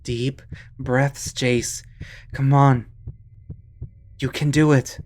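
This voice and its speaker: A man voicing a calm young male friend who coaxes and soothes, in a visual novel. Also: mid-range voice, very slow. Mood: soothing. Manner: soothing, coaxing.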